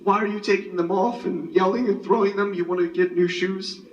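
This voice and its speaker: A man's voice: sits high, fairly even intonation, a little fast, lo-fi sound, a little hiss or hum, voice pushed up, natural voice. A young man voicing his frustrated mother scolding her son, pleading and exasperated. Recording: roomy hall, far from the mic.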